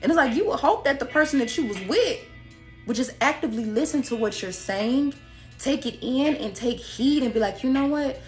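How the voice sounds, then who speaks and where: A sassy, blunt woman gives a casual tarot reading to her viewers, laughing often and acting out the people she quotes. Her voice is on the high side and animated, at a moderate pace, with soft music playing in the background.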